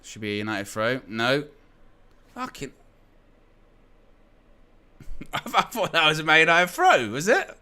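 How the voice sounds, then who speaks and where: A man giving live fan commentary on a football game, his pitch leaping around as he laughs, swears and rants at the officials. His voice is bright and forceful, sitting a little high for a man. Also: huge pitch swings, takes it slowly, pauses often, smooth. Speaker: fan match watchalong host.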